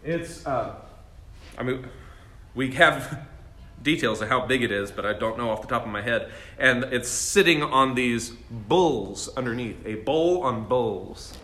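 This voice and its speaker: In an echoey classroom, a male Bible study teacher with a mid-range voice talks to his group at a measured pace in a bright, forceful tone. He keeps things chatty, quizzing students and poking fun at himself.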